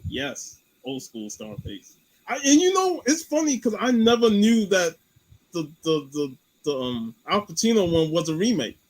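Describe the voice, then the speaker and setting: Man, slightly high voice, relaxed co-host, stumbles into sentences. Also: moderate pace, poor audio. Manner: repeats words when starting sentences. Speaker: co-host of a review show. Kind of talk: casual chat.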